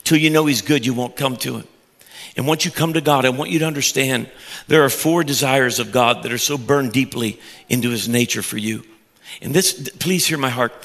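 A middle-aged male pastor gives a sermon with a bright, forceful voice. He preaches with passion, climbing to loud high peaks and then dropping to soft, low stretches, and he often repeats words as he builds. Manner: passionate, with sudden loud rises and soft drops; repeats words when excited.

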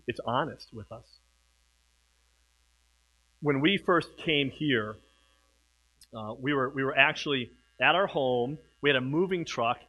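High, bright-voiced man preaching. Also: rough recording. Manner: swings from hushed to loud and emphatic. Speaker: pastor. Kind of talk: sermon.

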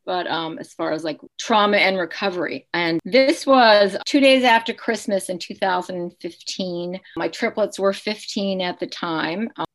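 A woman in her fifties, a podcast guest, telling a painful personal story in an earnest, emotional way with frequent restarts. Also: lowish voice.

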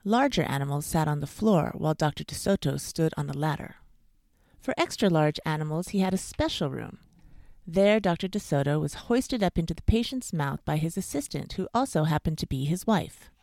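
A woman reading a bedtime storybook aloud in a cozy, expressive way. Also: low voice, normal speed, gravelly, no echo, studio quality.

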